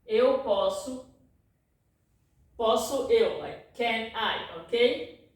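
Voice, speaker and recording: Slow, echoey woman teaching a language lesson. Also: a little high. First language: Portuguese. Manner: repeats words and checks in with "ok?" constantly; self-correcting, apologetic asides. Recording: very echoey room, distant mic.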